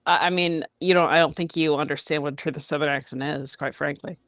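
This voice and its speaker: A woman's voice: low-pitched, steady tone, a little fast, no room sound, clean studio sound. A woman co-hosting a podcast, blunt and combative in casual banter. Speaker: podcast co-host.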